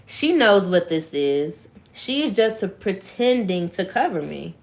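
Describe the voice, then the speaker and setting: A woman's voice: medium pitch, very animated, measured pace. A woman voicing an angry, controlling boyfriend who curses and defends himself. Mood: guarded. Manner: cursing, defensive.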